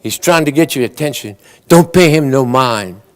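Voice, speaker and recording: A man with a Cajun Louisiana accent voicing a prim old-maid sister who speaks slowly and primly. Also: mid-range voice, animated, lightly acted.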